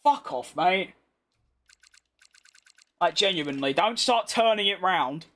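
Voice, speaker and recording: A man's voice: high voice, lively intonation, takes it slowly, fairly bright tone. A young British man casually commentating over his racing game, chatting bluntly with his viewers and reading their messages. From Britain. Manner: chatty, blunt, reads chat and banters back. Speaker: gaming streamer.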